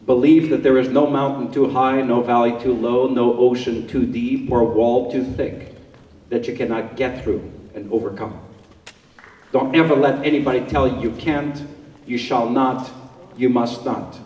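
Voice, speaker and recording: A man delivering a formal commencement speech in an emphatic, rhetorical, measured cadence. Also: mid-range voice, steady tone, darkish tone. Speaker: commencement speaker. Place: large auditorium. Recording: echoey hall, distant mic, crowd.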